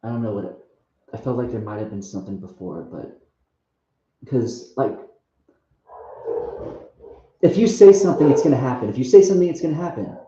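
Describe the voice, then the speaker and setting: A young man sharing a testimony tells a rambling personal story in a mellow, dark, mid-range voice that stays expressive. He halts, restarts, and leans heavily on "like" and other fillers. The recording is muffled and lo-fi, in a very echoey room.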